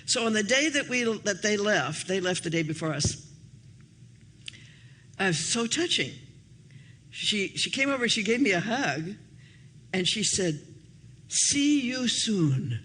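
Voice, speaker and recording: An older woman minister giving a sermon in a chatty, anecdotal way, her pitch swinging up and down as she tells stories. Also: lively intonation, a little slow, long pauses, a bit bright, slight background noise. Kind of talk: storytelling sermon. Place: church hall.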